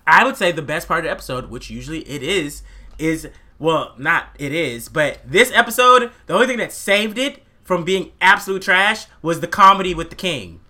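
Sharp-voiced man ranting. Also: on the high side, moderate pace. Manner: animated, profane ranting with acted-out quotes. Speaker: podcast co-host. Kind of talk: casual chat, anime review.

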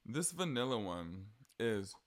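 A man's voice: on the low side, very animated, measured pace, no echo. A young man with a Southern accent, chatting casually on his solo podcast with frequent ums and likes. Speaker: podcast host.

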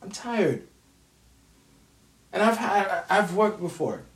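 A man's voice: sits high, sing-song, takes it slowly, far from the mic. Frustrated man ranting in an echoey room. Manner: frustrated, swearing, repeats himself. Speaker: vlogger. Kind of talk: venting rant to camera. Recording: roomy echo, away from the mic.

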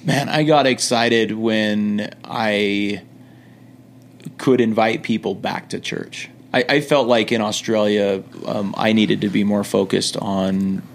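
A middle-aged man with a low, gravelly voice tells loose, joking stories as a podcast guest. He restarts his sentences often and keeps a relaxed, class-clown manner. A faint hiss of noise sits behind him. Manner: laid-back, jokey, quick restarts. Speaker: podcast guest, returned missionary. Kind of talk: casual storytelling.

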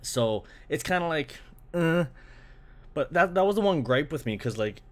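A man's voice: fairly high pitch, expressive, moderate pace. A young man from Canada ranting casually about anime translations, full of "like" fillers and swearing, slipping into mocking voices. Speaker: anime fan. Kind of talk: casual rant.

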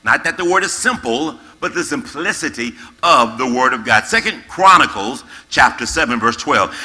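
A man preaching a sermon to young people, reading scripture slowly and repeating key words for emphasis. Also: mid-range voice, expressive, bright, forceful tone. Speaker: pastor. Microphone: camera-facing, recorded for online viewers.

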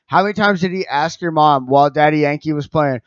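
High-voiced rowdy man joking around. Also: a little fast, smooth, no echo. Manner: rowdy, keeps repeating "I know", laughs often. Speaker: podcast co-host. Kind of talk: casual podcast banter. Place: apartment. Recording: dull lo-fi podcast recording.

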